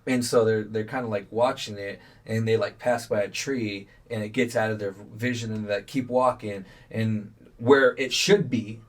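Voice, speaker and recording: A man's voice: fairly low pitch, steady tone, moderate pace, hardly any pauses. A young man, a podcast guest, telling a story in a laid-back, slangy way with a lot of swearing. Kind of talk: casual storytelling chat.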